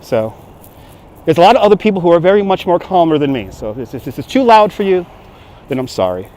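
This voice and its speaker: A man with a Brooklyn accent hosting a walking city livestream, loud and joking, laughing often as he talks to his chat. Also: a little high, sing-song, quick pace. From Brooklyn, New York. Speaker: livestream host. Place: city streets outdoors. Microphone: handheld phone on gimbal.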